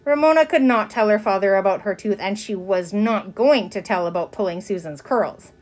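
A woman reading a children's chapter book aloud, with expressive narration. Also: mid-range voice, normal speed. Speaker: reader. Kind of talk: storybook narration.

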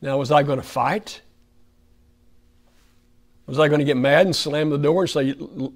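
A man's voice: on the high side, fairly even intonation, moderate pace, pauses often. A man with an Oklahoma accent preaching a folksy, conversational sermon in a church fellowship hall, putting questions to the room.

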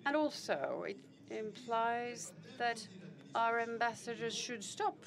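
A woman giving live spoken interpretation of a panel conversation, formal and measured, often pausing on fillers and correcting herself mid-phrase. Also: on the high side, expressive, gravelly. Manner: halting, with fillers and self-corrections.

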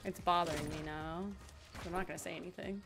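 A woman's voice: lowish voice, steady tone, fast talker, creaky. A young woman streamer chatting casually with a teammate while playing, laughing easily. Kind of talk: casual gaming chat. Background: game music.

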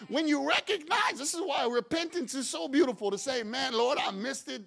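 Male pastor, bright and gravelly, sermon that builds to shouting. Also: very high voice, expressive, normal speed. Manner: builds from quiet talk to shouted preaching; acts out his own prayers and God's replies.

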